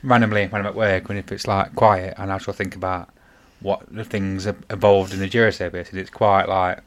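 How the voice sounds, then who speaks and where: A man's voice: sits low, level tone, brisk. A middle-aged father, hosting a casual family podcast and telling stories in a rambling, self-correcting way.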